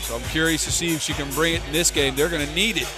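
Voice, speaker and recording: A man's voice: a little high, fairly even intonation, fast talker. A man working as the color commentator at a basketball game, breaking down players and stats in an analytical way. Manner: analytical, stat-focused. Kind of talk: sports commentary. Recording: loud arena music behind.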